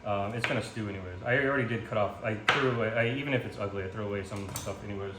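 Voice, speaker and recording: A home cook vlogger with a lowish voice talks at a racing clip, chatting casually as he cooks in his kitchen, rambling with plenty of ums and self-mocking jokes. It's filmed on a phone held in portrait mode, and the room is echoey with noise in the background.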